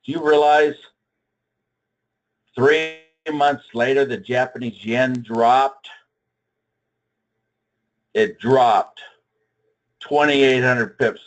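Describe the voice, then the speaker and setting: A man's voice: fairly even intonation, drawn-out words, long pauses, low-quality recording. Older man telling a dramatic story. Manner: dramatic storyteller, big swings in pitch and loudness. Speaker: trading seminar speaker. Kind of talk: live seminar storytelling.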